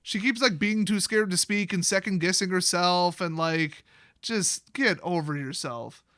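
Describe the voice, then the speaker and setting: A man's voice: high-pitched, measured pace, fairly bright tone, no room sound, studio quality. A young man giving a sarcastic, rambling comedic recap of a fantasy story, swearing casually as he goes. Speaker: YouTube lore host.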